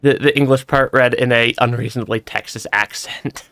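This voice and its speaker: A man's voice: medium pitch, steady tone, normal speed, a bit bright, no room sound. A young man giving casual let's-play commentary, stammering and restarting often and laughing between remarks. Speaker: streamer.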